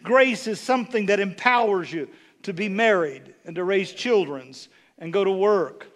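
A man's voice: high-pitched, expressive, normal speed. A man preaching a sermon as a bishop, folksy and humorous, telling stories that build to emphatic bursts.

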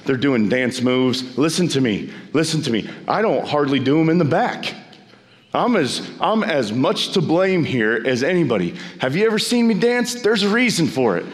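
A pastor preaching a sermon, emphatic and repeating phrases, his voice climbing high when he exhorts. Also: sing-song, moderate pace.

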